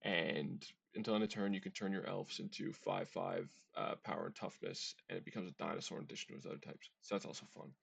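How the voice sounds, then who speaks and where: Low gravelly dude going through his deck list, chatty, keeps tripping on card names, dry sound. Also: fast, few pauses, fairly bright tone, no room sound. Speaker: deck tech host. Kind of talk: casual card-game deck walkthrough.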